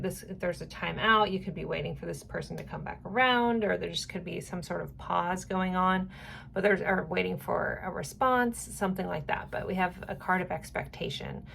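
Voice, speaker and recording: Chatty low-voiced woman with gravelly fry. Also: moderate pace, fairly bright tone, a little hiss or hum. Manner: chatty, rambling, many ums. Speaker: tarot reader. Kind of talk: casual tarot reading to camera.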